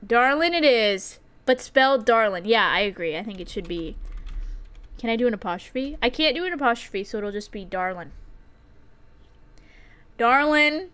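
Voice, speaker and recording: A young woman live-streaming a farming game, chatty and excitable, often giggling and reacting out loud. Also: mid-range voice, fairly quick, clean tone.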